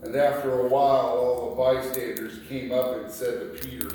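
A man preaching a sermon, reading scripture passages aloud and explaining them in a slow, deliberate way. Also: medium pitch, fairly even intonation, dark tone, slight background noise. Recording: echoey room picked up from a distance.

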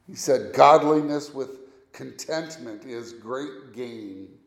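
A man preaching a sermon as a pastor, speaking deliberately and leading his listeners through recited scripture. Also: mid-range voice. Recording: echoey room.

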